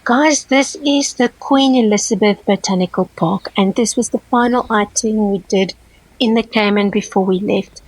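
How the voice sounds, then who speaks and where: A middle-aged woman with a South African accent talks through her travel footage in a relaxed vlog voice-over. She speaks from home at an even middle pitch. Her tone is warm and full of enthusiasm for everything green. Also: moderate pace, husky, soft background music, poor audio. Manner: warm, gushing enthusiasm about plants. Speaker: travel vlogger. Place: seated at home, recording voice-over.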